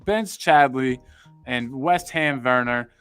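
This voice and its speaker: A man's voice: medium pitch, takes it slowly, fairly bright tone, clear, resonant tone, no echo, faint music behind. Rambling American guy reading comments. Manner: rambling, repeats words, upbeat. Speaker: podcast host. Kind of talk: casual chat reading live comments.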